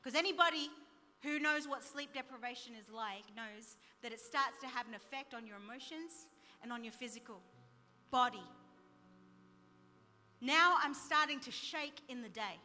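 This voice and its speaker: Bright high-voiced woman, echoing hall. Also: moderate pace, a little hiss or hum. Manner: storytelling, animated with quoted dialogue. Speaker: speaker sharing testimony. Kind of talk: sermon-style personal testimony.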